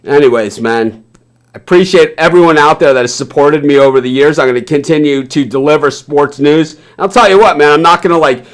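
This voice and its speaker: A man's voice: on the high side, lively intonation, brisk, fairly bright tone. Fired-up Southern man ranting live. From American South. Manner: heated, blunt, swearing, repeats "man". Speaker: sports news host. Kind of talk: live impassioned rant.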